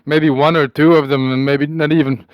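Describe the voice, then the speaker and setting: A man delivering a rambling, halting comic audio message in a put-on accent, with a conspiratorial, self-amused manner. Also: fairly high pitch, flat delivery, no echo, highs cut off. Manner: putting on an unplaced accent. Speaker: comic monologuist.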